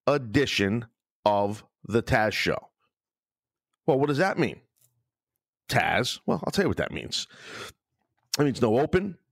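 A man's voice: medium pitch, no echo. Profane ranting man, dry studio mic. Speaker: podcast host. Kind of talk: solo podcast rant. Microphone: studio microphone, no music bed.

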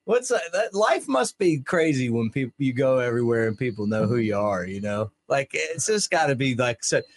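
A man's voice: medium pitch, big pitch swings, normal speed, dry recording. A middle-aged man co-hosting a podcast, chatting in a loose, rambling way with lots of fillers. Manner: rambling, lots of "like" and "you know", laughs at own stories. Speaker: podcast co-host, play-by-play announcer. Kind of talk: casual chat.

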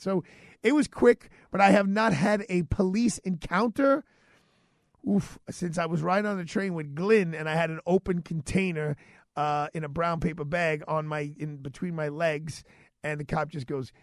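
A man hosting a radio show, telling a story in a chatty, animated way and acting out the dialogue. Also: high voice, fairly quick, dry recording, clean studio sound. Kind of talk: casual storytelling monologue.

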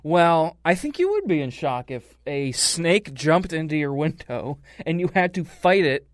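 A man co-hosting a casual show, tossing in quick jokes and quips. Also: on the high side, sing-song, no echo, studio quality. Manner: joking, quick quips and laughter. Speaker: radio show co-host. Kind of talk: casual banter.

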